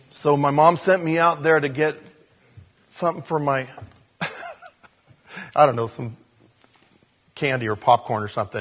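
A man preaching a sermon, shifting between soft hushed moments and loud, animated storytelling. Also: mid-range voice. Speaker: pastor.

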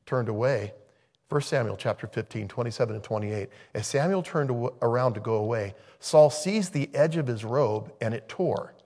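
Male pastor, mid pitch, creaky, chatty sermon delivery that often breaks off and backs up. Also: darkish tone. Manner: conversational, thinking aloud, self-interrupting.

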